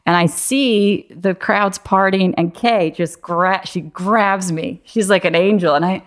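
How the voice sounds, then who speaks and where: A woman's voice: mid-range voice, unhurried. A young woman casually telling a personal story, chatty and full of fillers, often laughing.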